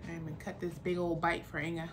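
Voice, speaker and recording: A woman's voice: lowish voice, little pitch movement, quick pace, noisy background. A young woman hosting a casual cooking vlog, chatty and laughing often as she talks to her viewers. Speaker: cooking vlogger.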